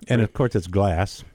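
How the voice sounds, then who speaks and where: A man's voice: sits low, mellow. A man in casual conversation, chatty and anecdotal, acting out little quoted exchanges as he talks. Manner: chatty storyteller, acts out quoted voices with laughs.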